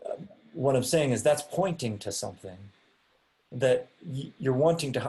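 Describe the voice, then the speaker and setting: A man's voice: mid-range voice, lively intonation, moderate pace, warm tone. Hesitant young man teaching a class. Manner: hesitant, many ums and restarts. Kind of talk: casual online class teaching. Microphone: video call.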